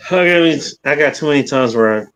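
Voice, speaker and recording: A man's voice: medium pitch, animated, brisk, fairly bright tone, dull audio. A man hosting a casual livestream chat, rambling and swearing freely, with hiccups. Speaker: podcast host.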